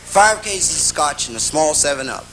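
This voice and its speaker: A man telling a stand-up comedy story, animated and playful, on a 1960s TV broadcast. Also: fairly high pitch, moderate pace, heavy background noise. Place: TV studio stage.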